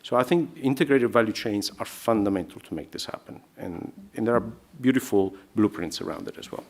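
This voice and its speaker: A man speaking on a conference panel. His voice sits low, and he lays out his points in a steady, explanatory way. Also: fairly quick, creaky.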